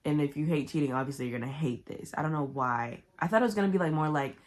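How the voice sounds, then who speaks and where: A woman casually recapping a book to camera, animated and chatty. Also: sits low, fast talker. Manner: chatty, animated retelling with loud quoted outbursts. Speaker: book vlogger.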